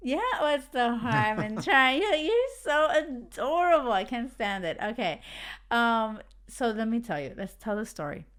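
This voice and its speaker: A young woman hosting a podcast, talking emphatically and excitedly, swearing freely. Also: fairly high pitch, unhurried. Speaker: podcast host. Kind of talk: casual podcast chat.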